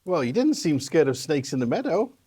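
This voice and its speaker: A man's voice: a little high, big pitch swings, a little fast, mellow, breathy edge. A man voicing a talking male viper with a British accent in a radio play, wry and teasing. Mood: startled.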